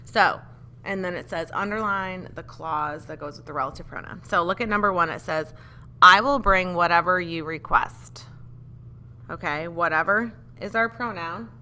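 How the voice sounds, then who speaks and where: A woman's voice: lowish voice, moderate pace, sharp tone. A woman teaching a grammar lesson, patiently explaining step by step and asking the class questions. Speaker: English teacher.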